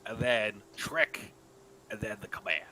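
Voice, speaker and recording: A man's voice: on the low side, unhurried, bright, forceful tone, slight background noise. A man in casual play at a tabletop game, rambling and laughing as he talks. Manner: rambling, full of fillers and laughs.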